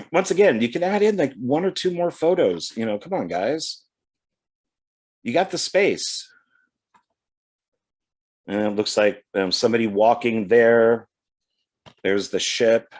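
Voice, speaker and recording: Reading back covers aloud as he goes, a DVD collection vlogger talks casually through what he bought. His mid-range voice is expressive, and he keeps a measured pace with frequent pauses.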